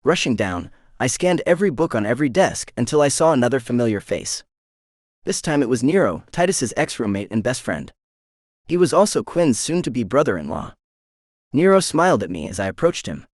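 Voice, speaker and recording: A male narrator telling a first-person romance with expressive, animated delivery. His pitch travels widely through each line, and the recording is dry and close. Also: a little fast, dry recording. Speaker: audiobook narrator.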